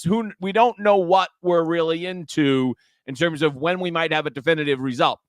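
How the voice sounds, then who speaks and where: A man hosting a casual talk show, his voice sitting notably high for a man. He rambles along chattily, backing up and restarting his sentences. The sound is dry and close, with no room echo. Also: fairly bright tone.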